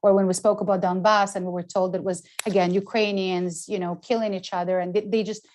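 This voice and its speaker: A woman moderating an online panel over a video call, speaking in a measured, polite way with frequent ums. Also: mid-range voice, level tone, a little mellow, slight background noise.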